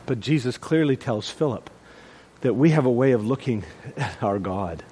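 A man preaching a sermon, calling out to the congregation and swinging between loud proclaiming and hushed, dramatic lines. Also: mid-range voice, lively intonation, normal speed, slightly rough, in a large hall. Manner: calls to the congregation.

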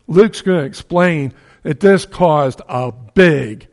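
A man's voice: fairly high pitch, slow, hardly any pauses, a little mellow. A man preaching a sermon in a folksy, joking way, acting out the people in his story with big swings in his voice.

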